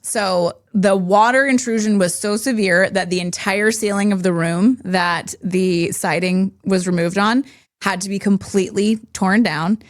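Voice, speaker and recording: A woman co-hosting a podcast, telling a homeowner's story in casual chat, animated and quick to laugh when stressed. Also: mid-range voice. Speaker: podcast co-host.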